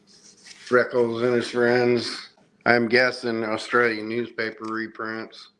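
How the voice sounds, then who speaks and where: A man's voice: medium pitch, completely flat delivery, slow, fairly bright tone. Rambling middle-aged man hosting a chat. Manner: rambling, enthusiastic show-and-tell. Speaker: podcast host. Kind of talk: casual chat showing comics.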